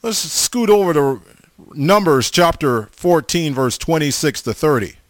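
A man's voice: fairly high pitch, animated, measured pace, dry recording, clean studio sound. A man in his forties preaching a sermon, emphatic, with stammering restarts and repeated calls to his listeners.

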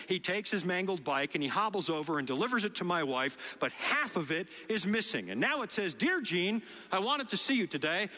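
In a big-sounding room, a slightly high-voiced middle-aged man with a Dutch accent delivers a sermon before his congregation. He's from the Netherlands, and he tells stories with animation, performing each quote.

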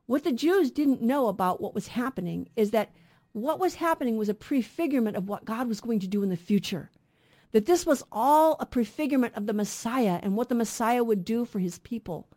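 A woman's voice: fairly high pitch, a little mellow. A middle-aged woman co-hosting a radio Bible program, teaching earnestly and asking rhetorical questions.

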